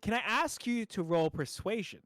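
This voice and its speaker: A man's voice: high voice, expressive, normal speed, fairly bright tone, no room sound, soft background music, pitched above the performer's own voice. A man voicing a snooty rich man who won't make eye contact, dismissive and haughty.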